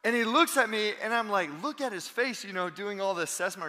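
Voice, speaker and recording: Bright-voiced pastor in reverberant church. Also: male voice, high voice, fairly quick, few pauses. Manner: animated storytelling, acting out quotes. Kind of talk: sermon. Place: church sanctuary.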